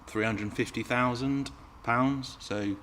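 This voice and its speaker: A man's voice: medium pitch, steady tone, slow pace, a bit bright, a little hiss or hum. A man hosting a live Q&A stream, chatting with viewers and reading out their comments. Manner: chatty and playful, teasing viewers. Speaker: RC car channel host.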